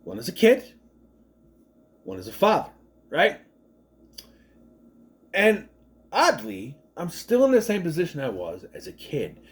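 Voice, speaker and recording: A man's voice: fairly high pitch, wildly swooping pitch, a little slow, pauses often. A man in his thirties, a father, casually recapping a movie in a chatty, rambling way, acting out the characters' lines. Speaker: movie reviewer.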